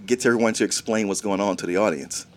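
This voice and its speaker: A man's voice: fairly low pitch, fast talker. A man co-hosting a casual movie talk, easygoing and chuckling, sometimes quoting characters. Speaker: movie review podcast co-host. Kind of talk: casual chat.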